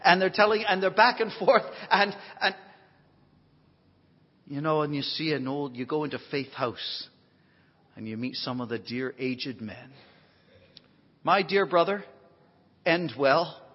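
A high-voiced, husky man preaching a sermon in a big hall with a long echo. He swings from folksy, joking asides to emphatic near-shouted lines. The recording sounds dull and lo-fi. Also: unhurried, pauses often. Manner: emphatic, rising to near shouts on key phrases; folksy asides with self-deprecating humor.

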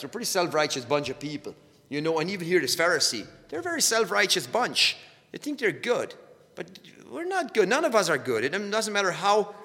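A man's voice: fairly high pitch, a bit bright. A middle-aged man from Canada preaching a sermon, earnest, often repeating and restarting his words. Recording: hall with long reverb.

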